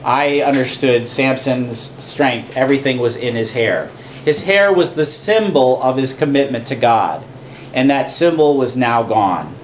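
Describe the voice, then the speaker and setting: A man preaching a sermon as a pastor, telling a story with animated, repetitive emphasis. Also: medium pitch, unhurried, a little hiss or hum. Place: church.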